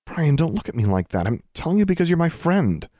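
A man voicing an earnest, flustered eleven-year-old girl in an audiobook, pitching his voice up and pleading. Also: very animated, brisk, warm tone, dry recording, studio quality. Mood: hesitant.

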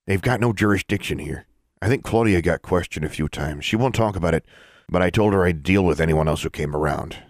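A man reading aloud and voicing a gruff, stubborn middle-aged police officer who talks bluntly. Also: sits low, brisk, dry recording, clean studio sound.

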